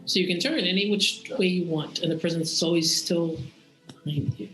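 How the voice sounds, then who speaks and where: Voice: medium pitch, fairly even intonation, brisk, a bit bright, soft background music. A game master narrating a tabletop role-playing scene in dreamy, descriptive detail. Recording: roomy echo.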